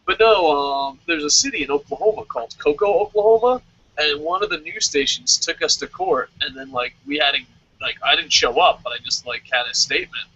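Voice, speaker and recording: Brief: bright, breathy male host, lively and profane, lo-fi audio. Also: a little high, brisk. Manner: animated, swearing, jokey with sung sound effects. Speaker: podcast host. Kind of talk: casual chat. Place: lives in Japan.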